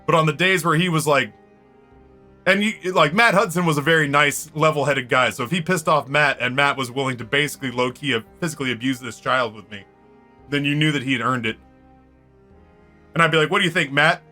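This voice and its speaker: While streaming a game, a man with a bright, fairly high voice briskly spins a rowdy tale as casual storytelling. He swears freely and bursts into laughter, with faint music in the background.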